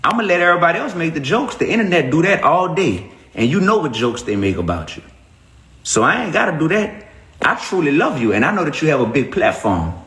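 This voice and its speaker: A man hosting a casual livestream, speaking in an animated, preachy way and greeting viewers by name as he goes. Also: a little high, a little fast, reverberant. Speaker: livestream host.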